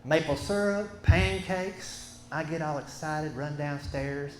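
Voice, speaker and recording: A middle-aged man tells a folksy, animated stand-up story from a stage, acting out both sides of a talk with his wife. His voice sits a bit high for a man. The sound is echoey, with clear noise under it. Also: slow. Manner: folksy, animated, acts out quotes. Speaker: stand-up comedian. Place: stage before a live audience. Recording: echoey room with background noise.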